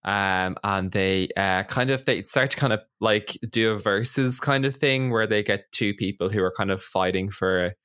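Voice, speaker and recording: A man's voice: on the low side, moderate pace, few pauses, a bit bright, clear, resonant tone, no echo, clean studio sound. An Irish man co-hosting a podcast in casual, joking chat, laughing often. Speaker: podcast co-host.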